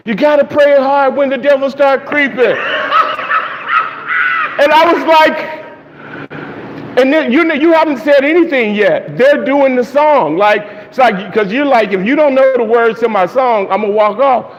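A man with a high voice preaches to his congregation, telling a story with lively laughter and chanting out the crowd's lines. His voice rings through a reverberant church hall. The recording is dull and lo-fi, with a faint hiss underneath. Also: moderate pace. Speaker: pastor. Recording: long reverb, dull lo-fi sound, faint noise.

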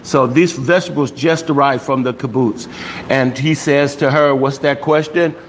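In a low-quality recording with a little hiss or hum, a man with a medium-pitched, steady voice teaches a language class at normal speed. He explains things patiently and keeps pausing to check that his students follow, often asking "okay?" during the lesson.

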